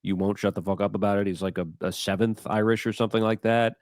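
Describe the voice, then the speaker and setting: A man's voice: on the low side, steady tone, fast talker, darkish tone, dry recording, clean studio sound. A man co-hosting a podcast in casual chat, telling rambling, self-deprecating stories. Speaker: podcast co-host.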